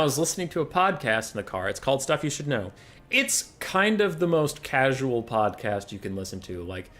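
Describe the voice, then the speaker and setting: A man with a mid-pitched voice hosts a game stream in a loose, chatty way. He rants and swears, then swings into loud, exasperated outbursts. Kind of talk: casual live-stream chat.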